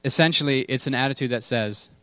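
A man's voice: mid-range voice, fast, sharp tone, dry recording. A man preaching a casual sermon to his congregation, candid and self-deprecating, repeating key words for emphasis. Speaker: pastor.

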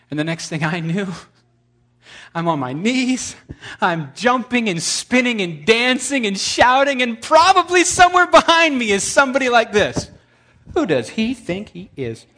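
A man's voice: medium pitch, pushed and bright. A man preaching a humorous sermon, telling stories with sarcastic asides and sudden jumps in volume.

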